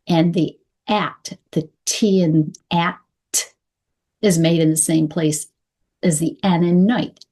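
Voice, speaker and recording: Low-voiced woman teaching clear English. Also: fairly even intonation, mellow. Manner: deliberate, models phrases slowly with pauses. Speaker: English pronunciation coach. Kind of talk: instructional talk to camera.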